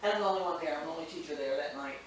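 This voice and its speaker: A woman's voice: deep voice, very fast. A woman who works as a teacher, casually telling funny stories, acting out quotes and laughing often. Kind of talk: casual storytelling. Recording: echoey room from far off with faint noise.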